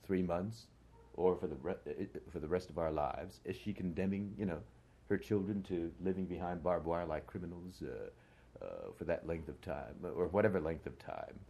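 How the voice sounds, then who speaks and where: A man's voice: deep voice, dark tone. An older American man, an actor, recalling his past in a conversational interview, reflective and full of hesitations. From United States. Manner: reflective, hesitant with many fillers.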